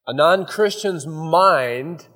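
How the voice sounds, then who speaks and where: A man's voice: on the high side, extremely slow, bright, forceful tone, long reverb tail. A man preaching a verse-by-verse sermon as pastor, folksy and conversational, often acting out asides.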